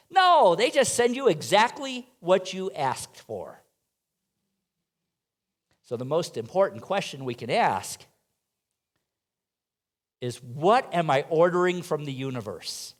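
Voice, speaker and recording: A man's voice: a little high, very animated, slow pace, pauses often. A man preaching a sermon in a church, asking the congregation rhetorical questions and making playful asides to them. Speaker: minister. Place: church sanctuary.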